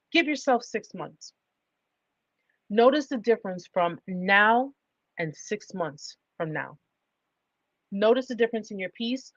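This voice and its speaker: A woman's voice: a little high, no room sound, dull audio. A woman hosting a livestream advice talk, speaking emphatically and driving points home with repeated rhetorical questions. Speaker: livestream host.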